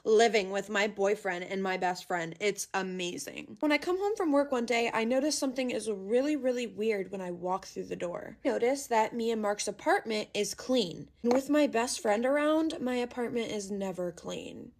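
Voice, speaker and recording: A woman's voice: medium pitch, normal speed, hardly any pauses. A young woman narrating a casual storytime in a dramatic, rambling, chatty way.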